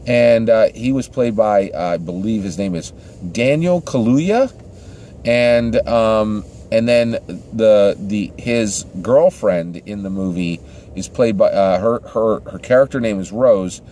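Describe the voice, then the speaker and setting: A man reviews a movie in a casual, rambling way, often restarting his sentences and repeatedly asking the listener "right?" as he goes. The film reviewer's voice is warm, fairly low, and a little slow, with slight noise in the background.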